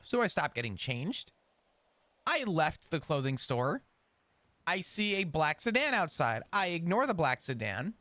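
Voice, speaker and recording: High, lively man telling a roleplay story. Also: measured pace, no room sound. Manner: animated, rambling recount with restarts. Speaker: roleplay character in a GTA server. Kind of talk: in-character storytelling recounting events.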